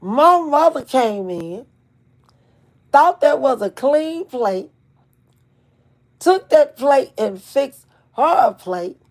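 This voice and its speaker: Middle-aged woman, channel host, animated folksy storyteller, talks straight to viewers, curses freely. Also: sits high, takes it slowly, long pauses.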